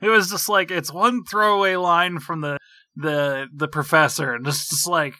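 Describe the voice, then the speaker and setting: A man with a very bright, sharp voice in a dry, close recording. He reacts to a film with laughing disbelief and swears for emphasis. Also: a little high, fairly even intonation, moderate pace, dry recording. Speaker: podcast guest. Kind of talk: casual movie review chat.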